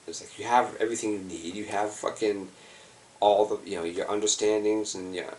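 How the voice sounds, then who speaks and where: A man's voice: on the low side, fairly even intonation, brisk, a little mellow, distant mic, slight background noise. An exhausted man rambling in a loose, profane way, with lots of fillers. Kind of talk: rambling personal video monologue.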